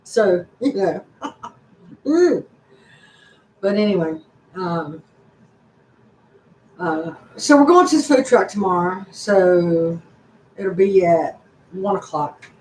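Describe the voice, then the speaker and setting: A woman's voice: medium pitch, animated, slow, long pauses, darkish tone, a little hiss or hum. An older woman hosting a casual live-stream chat, rambling along in a folksy, chatty way. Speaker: channel host. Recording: echoey room.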